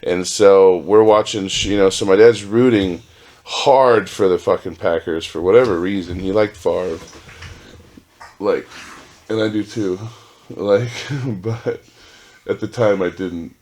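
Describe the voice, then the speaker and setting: Deep-voiced rambling profane man. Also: unhurried, darkish tone. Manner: rambling, profane, self-interrupting. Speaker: podcast host. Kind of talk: casual solo storytelling. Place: home with dogs.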